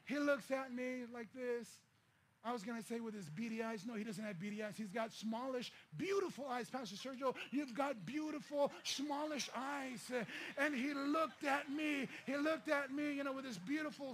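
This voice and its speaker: A middle-aged man from the Philippines preaching a sermon as pastor, telling a personal story and swelling into shouted, pleading passages. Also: extremely high pitch, normal speed, slight background noise.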